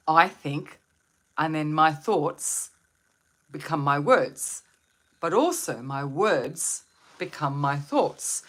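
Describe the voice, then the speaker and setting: A woman hosting a live stream on wellbeing, talking to viewers in a soothing, reflective way and asking them questions. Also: lowish voice. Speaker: meditation and wellbeing host.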